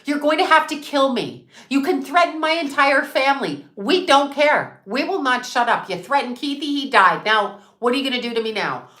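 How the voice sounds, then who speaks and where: A woman's voice: high-pitched, expressive, moderate pace, hardly any pauses, pushed and bright, reverberant. A woman who is a psychic medium, talking in a defiant, profane rant and repeating herself for emphasis on her channel. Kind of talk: ranting livestream chat.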